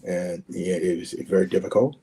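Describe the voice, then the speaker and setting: A man in his sixties, a former football player appearing as a guest on a video call, tells heartfelt, emotional stories at a normal speed in a dark-toned voice. He repeats words and acts out past conversations, his pitch rising as he voices the quoted exchanges.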